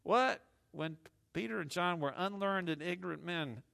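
A man's voice: sits high, normal speed, gravelly, bright, forceful tone, heavily acted. A man voicing the apostle Peter as a mildly indignant older man who talks in casual modern slang. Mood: exasperated.

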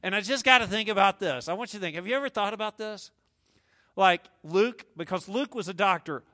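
A man's voice: high voice, fairly quick, bright, forceful tone. A man from the American South with a Southern accent, preaching a sermon in a humorous, conversational way with asides to the congregation. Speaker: pastor.

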